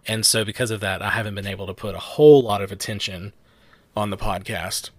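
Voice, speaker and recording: A young man, co-hosting a podcast and telling stories in a chatty, animated way. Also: on the low side, a little fast, dry recording. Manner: chatty storyteller, animated quotes, frequent "like". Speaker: podcast host. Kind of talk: casual chat.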